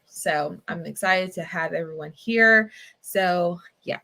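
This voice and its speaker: Young woman, livestream host, casual chatty delivery, filler-heavy, animated in storytelling. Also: on the low side, moderate pace, vocal fry. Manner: chatty, rambling, many fillers, animated when telling a story. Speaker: livestream book-club host.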